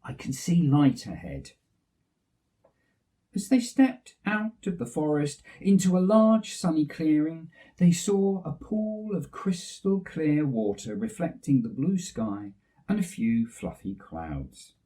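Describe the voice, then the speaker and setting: An English man reading a children's story aloud, lively and expressive. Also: fairly high pitch, takes it slowly, recorded from a distance.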